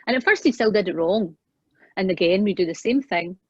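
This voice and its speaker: A woman guest in an interview, earnestly telling a personal parenting story and acting out the quoted lines, often trailing off softly. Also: mid-range voice, animated, fairly quick, slightly rough, no echo. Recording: dull, dry, lo-fi sound.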